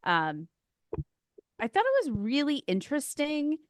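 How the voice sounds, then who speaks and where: A woman co-hosting a podcast, giving relaxed, thoughtful opinions in casual chat. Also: high-pitched, a little slow, no room sound, studio quality. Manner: relaxed, thoughtful film critique. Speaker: podcast co-host.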